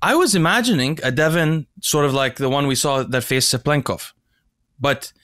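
A man with a slightly high voice hosts a casual conversation. He talks in an excitable way and turns often to address his audience. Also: moderate pace. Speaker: podcast host.

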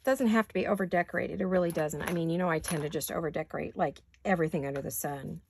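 A woman's voice: lowish voice, quick pace, vocal fry, slight background noise. A woman hosting a home crafting video, chatting casually and talking to herself as she works, with hiccups. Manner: chatty, talks to herself while working. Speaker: crafting channel host.

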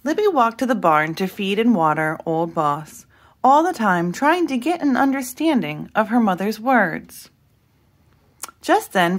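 A woman reading a children's story aloud, steady and middle-pitched. She narrates expressively, lifting and dropping her voice to carry the tale along. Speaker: storybook reader. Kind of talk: reading a picture book aloud.

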